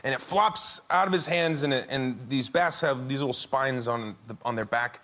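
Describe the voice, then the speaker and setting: Bright-voiced man telling a funny story. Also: mid-range voice, moderate pace. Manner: animated storyteller, laughs through lines, acts out his son's and his own words. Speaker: talk show guest. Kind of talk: comic anecdote on a talk show. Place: TV studio with a live audience.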